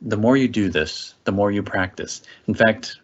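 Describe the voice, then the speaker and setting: A man's voice: lowish voice, normal speed, dull audio. A man training parents in a casual presentation, talking conversationally and often checking in with "okay?".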